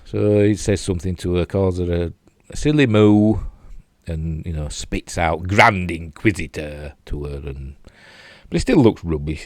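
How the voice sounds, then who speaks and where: With a very low, darkish voice and a broad Yorkshire accent, an older TV reviewer chats his way through clips he replays. He rambles, uses lots of fillers and asides, and pokes fun at himself. The recording is close and dry, with no room around it.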